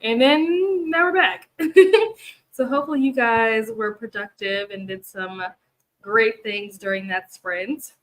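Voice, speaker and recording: A tired young woman hosts a booktube reading-sprint livestream, chatting casually to viewers in a rambling way with lots of fillers and frequent laughter. Her fairly high, fairly bright voice moves at a measured pace, and the recording is rough.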